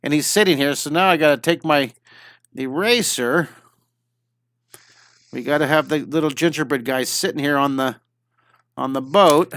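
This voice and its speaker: A man's voice: a little high, moderate pace, pauses often, fairly bright tone, no room sound. A middle-aged man teaching a live drawing lesson, chatty and enthusiastic, talking through every step as he draws.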